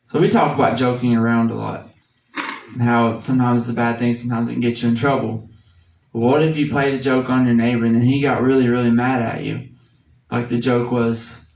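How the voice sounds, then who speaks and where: A man with a Southern American accent teaching a Sunday school class, reading scripture slowly and explaining it in a casual, folksy way. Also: mid-range voice, level tone, darkish tone, far from the mic. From Tennessee. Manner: reads scripture slowly and deliberately. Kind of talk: Bible teaching. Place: church classroom. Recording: echoey church room.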